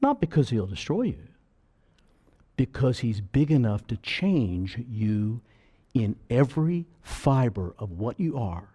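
A man preaching a sermon with fervor, swelling loud on key phrases and dropping low again. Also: big pitch swings, unhurried, husky.

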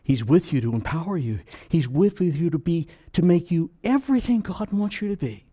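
A man preaching a sermon with fervor, swelling loud on key phrases and dropping low again. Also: lively intonation, normal speed.

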